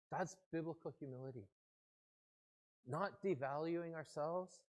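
A pastor delivers a sermon with earnest, conversational warmth of delivery, pitched in an ordinary middle range. The speech moves like someone talking with a congregation rather than reading at it.

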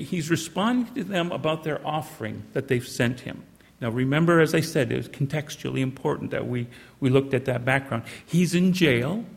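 An old man preaching a sermon, reading scripture in a measured way and breaking into conversational asides. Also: fairly high pitch, gravelly, husky, in a large hall. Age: older. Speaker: pastor.

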